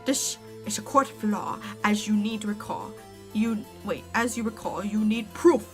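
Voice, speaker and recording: A woman's voice: medium pitch, measured pace, faint music behind, close to an everyday voice. A woman doing a smug older prosecutor. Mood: condescending. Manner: condescending, clipped. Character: arrogant, cold older male prosecutor.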